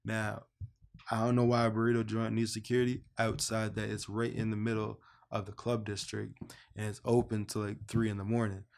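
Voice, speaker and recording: A young man from Canada telling his own life story in a casual, lively way, acting out the remembered dialogue. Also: a little fast, vocal fry. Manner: animated storyteller who acts out both sides of remembered dialogue in a higher voice. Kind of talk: casual personal testimony.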